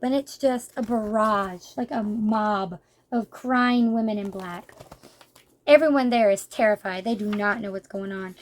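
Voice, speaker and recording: Reviewing a manga, a woman speaks in a bright, high voice, loosely recounting the story. Her talk meanders conversationally and is peppered with fillers and asides.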